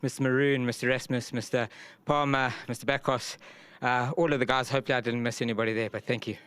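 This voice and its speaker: A man's voice: mid-range voice, fairly even intonation, fast talker, a bit bright, clear, resonant tone, dry recording. A man with a South African accent, a jockey talking modestly after his win, with many fillers. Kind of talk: post-race interview.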